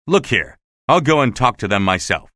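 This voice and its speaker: A man voicing an agitated, indignant male theater official recounting his rough treatment, in a storybook reading. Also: mid-range voice, moderate pace, no echo, studio quality. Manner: indignant, excited.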